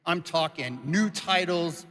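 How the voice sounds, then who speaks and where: A man's voice: a little high, slow, bright, forceful tone. A man presenting on stage, emotional and choked up as he speaks. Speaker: studio co-founder presenting on stage. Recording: long hall reverb on stage.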